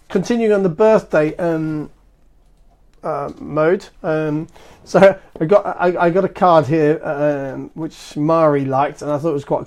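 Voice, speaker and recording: A man's voice: fairly high pitch, a little mellow. A man hosts a casual live stream, talking into his phone. He rambles in an easygoing way, fills gaps with ums, and restarts his sentences often. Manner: rambling and chatty, full of fillers and restarts. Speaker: marketing agency host of a live stream.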